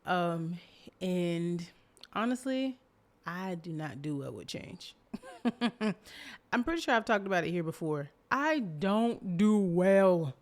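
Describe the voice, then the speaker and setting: A woman's voice: fairly low pitch, animated, measured pace, long pauses. A young woman hosting a casual solo podcast, talking expressively with dramatic emphasis and frequent laughter. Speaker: podcast host.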